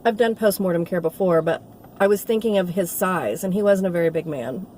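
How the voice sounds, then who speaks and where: A woman's voice: fairly low pitch, fairly quick, darkish tone, a little hiss or hum. A middle-aged woman, a nursing assistant telling a rambling, heartfelt story in a casual vlog. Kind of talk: casual talking-to-camera vlog.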